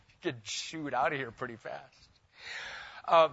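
Bright-voiced male pastor preaching. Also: fairly high pitch, moderate pace, long pauses, no room sound, muffled recording. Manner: animated preaching, asks the congregation questions. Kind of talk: sermon.

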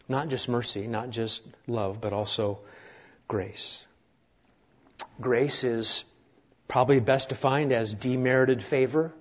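Earnest preaching man, dull lo-fi sound. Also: mid-range voice. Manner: earnest, rising to emphatic then dropping quiet and slow. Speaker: pastor. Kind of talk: sermon. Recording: dull lo-fi recording.

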